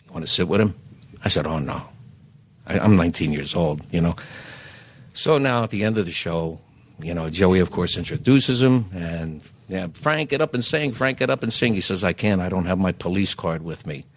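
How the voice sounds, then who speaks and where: A man, telling lively anecdotes as a podcast guest and acting out the dialogue. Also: low voice, moderate pace. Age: 70s. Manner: animated raconteur who acts out quoted dialogue. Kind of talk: anecdotal storytelling.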